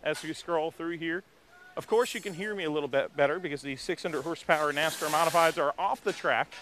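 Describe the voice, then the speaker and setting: A man hosting a live walk-around in an outdoor race garage, talking into a handheld mic in an energetic, rambling way. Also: a little high, a little fast, a little hiss or hum. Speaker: garage reporter host. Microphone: handheld microphone.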